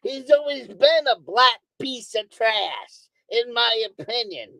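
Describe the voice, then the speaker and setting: A woman's voice: fairly high pitch, expressive, slow, vocal fry, a bit bright, no room sound, poor audio. A woman streamer on a profane, angry monologue who hammers on the same words again and again. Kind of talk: ranting monologue. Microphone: streaming microphone.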